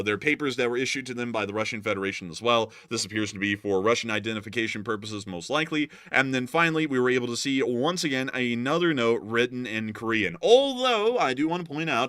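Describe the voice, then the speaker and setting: A man giving casual news commentary as host, animated with joking asides. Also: mid-range voice, clean tone, dry recording, clean studio sound.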